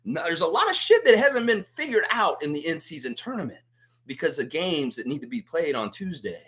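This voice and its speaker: Man, fan show host, cursing rant, fairly high voice, very lively pitch swings, excitable. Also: a little fast. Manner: profane, heated ranting; excitable, emphatic. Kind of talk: live sports preview rant.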